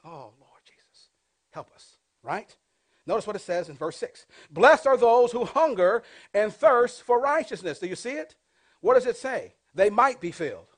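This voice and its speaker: A man preaches to a congregation, reading scripture slowly and loudly and having the listeners repeat his phrases. His voice sits somewhat high for a man. He swings between emphatic loud bursts and soft, quiet asides. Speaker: pastor. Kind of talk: sermon. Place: church before a congregation.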